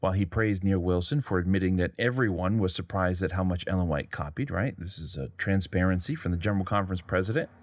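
A man's voice: low-pitched, fast, few pauses, no echo, studio quality. A man hosting a history podcast, narrating in a wry, conversational way and reading quotes aloud. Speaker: podcast host.

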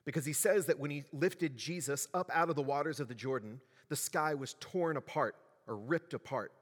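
A man's voice: fairly high pitch, normal speed. A man preaching a sermon as pastor, in a conversational way, often asking the congregation questions. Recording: long reverb of a large hall.

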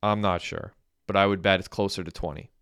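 A man's voice: low-pitched, steady tone, brisk, gravelly, a bit bright, smooth, no echo, studio quality. A man voicing an ambitious young man who swears and exclaims when upset.

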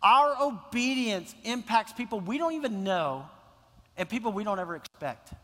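A man's voice: high voice, lively intonation, normal speed, bright, forceful tone, long reverb tail. A male pastor preaching a sermon in a church, impassioned and repeating phrases for emphasis. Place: church sanctuary.

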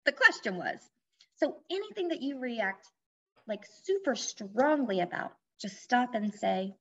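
A woman's voice: high-pitched, very animated, measured pace, fairly bright tone. A woman life coach in a casual podcast interview, speaking candidly and explaining with personal examples. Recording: dull lo-fi audio.

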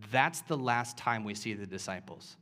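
A man's voice: medium pitch, lively intonation, normal speed, pushed and bright. A man preaching a sermon, retelling scripture as a story and building to impassioned emphasis.

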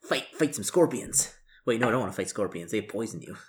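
A man's voice: on the low side, lively intonation, a little fast. A man playing a tabletop game, explaining things in a rambling way with lots of likes and ums. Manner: rambling, filler-heavy explaining. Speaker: player. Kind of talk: casual game chat. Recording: faint background noise.

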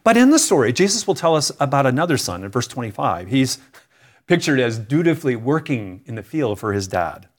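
Guy preaching a sermon, earnest, leans hard on words, pauses for effect, middle pitch. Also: sing-song. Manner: earnest, emphatic preaching with dramatic pauses and repetition. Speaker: pastor.

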